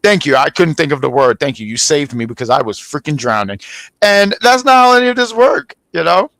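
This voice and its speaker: Man, gravelly voice, dry close sound, rambling casual chat, stumbles and restarts. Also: a little high, very animated, a little fast, a bit bright, dry recording. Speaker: wrestling review podcast co-host.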